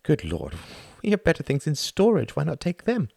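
A man's voice: huge pitch swings, moderate pace, gravelly, slightly rough, no echo, studio quality, full character voice. A man doing a wry older mother. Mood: exasperated. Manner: soft, teasing, higher pitched. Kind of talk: audiobook character voice.

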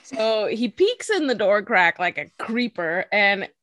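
A woman's voice: mid-range voice, big pitch swings, a little slow, fairly bright tone. A woman co-hosting a podcast in casual chat, giggling often and acting out quotes in silly voices. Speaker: podcast co-host. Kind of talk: casual chat recapping an anime episode.

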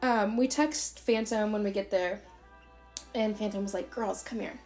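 A woman in her twenties telling a story in casual podcast chat, animated, swearing freely and acting out quotes. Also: mid-range voice, normal speed, soft background music. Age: 20s. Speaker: podcast co-host.

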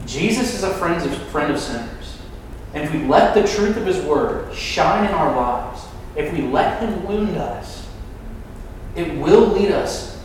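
A man, a campus minister, preaching a sermon in an animated, conversational way full of fillers. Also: a little high, slight background noise. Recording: echoey hall, distant mic.

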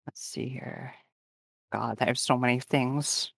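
Gravelly-voiced man playing a tabletop game. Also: medium pitch, fairly even intonation, unhurried, fairly bright tone, dry recording. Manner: dry, wry asides about dice rolls. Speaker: player. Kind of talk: tabletop role-play, playing a character.

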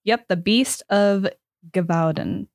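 A young woman co-hosting a podcast chats casually, swearing and laughing, then trips over words while reading out a story. Her mid-range voice is animated and moves at a normal speed, with clean studio sound and no echo.

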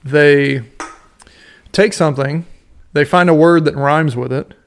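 A man's voice: a little high, measured pace. A man co-hosting a podcast in casual, swearing banter. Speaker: podcast co-host. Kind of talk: casual chat.

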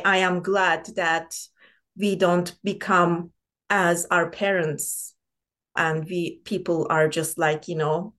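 A woman takes part in a relaxed discussion, speaking slowly in a lowish voice. She gropes for her words in an informal, searching way. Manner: slow, searching, informal phrasing with light laughs. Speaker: discussion participant. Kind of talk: casual seminar discussion.

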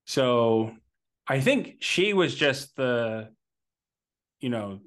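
A man's voice: mid-range voice, lively intonation, drawn-out words. A man co-hosting a podcast, telling stories in casual chat, rambling with lots of fillers and restarts. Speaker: podcast co-host.

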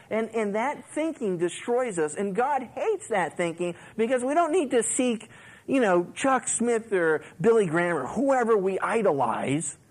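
A man's voice: high-pitched, unhurried, low-quality recording. A male pastor giving a sermon on a Bible book. He talks conversationally, leans on "you know", and acts out quotes as he tells stories. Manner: animated storytelling, acts out quotes and laughs along.

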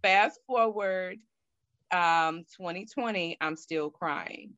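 A candid woman guest who tells her story animatedly, voicing her own past thoughts aloud. Her voice sits a bit low, recorded dry and close with a dull, muffled tone. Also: takes it slowly, fairly bright tone, no room sound. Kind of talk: personal storytelling in conversation.

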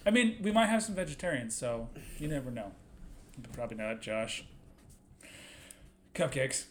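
A man's voice: medium pitch, very animated, normal speed, a little hiss or hum. A man co-hosting a podcast in casual banter, joking and teasing with frequent laughs. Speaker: podcast co-host.

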